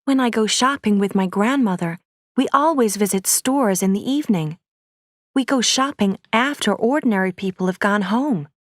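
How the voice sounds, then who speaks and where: Clear, steady woman reading a story. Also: mid-range voice, moderate pace, dry recording, studio quality. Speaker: audiobook reader. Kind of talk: graded-reader story narration.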